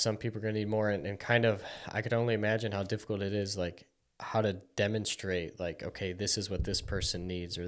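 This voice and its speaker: A man hosting a podcast, asking questions in a casual, halting way with many fillers. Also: fairly low pitch. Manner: hesitant, halting, lots of "like". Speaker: podcast host. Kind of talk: casual interview chat.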